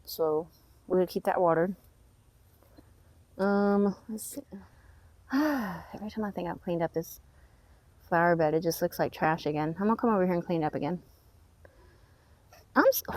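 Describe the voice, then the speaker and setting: A woman's voice: on the low side, darkish tone, no room sound. A woman gives a casual walk-through of her backyard garden, chatting and muttering at her plants as she goes. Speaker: gardening vlogger.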